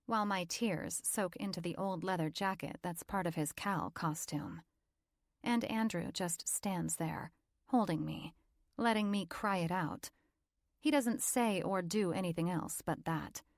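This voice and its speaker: A woman narrating a first-person romance audiobook in a calm, even reading. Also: fairly low pitch, measured pace, no echo, studio quality.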